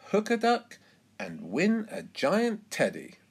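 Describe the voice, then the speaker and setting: A bright, high-pitched rabbit lady barking out fairground calls, as a man reads her in a children's storybook. Her voice leaps up and down in big swoops, loud and slow. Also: huge pitch swings, gravelly, husky, exaggerated voice. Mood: calling out. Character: cheerful female rabbit stall keeper.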